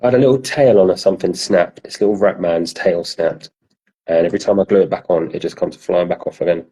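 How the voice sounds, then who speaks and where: A man's voice: sits low, fast, warm tone, husky, poor audio. A man co-hosting a podcast, chatting casually with dry wisecracks.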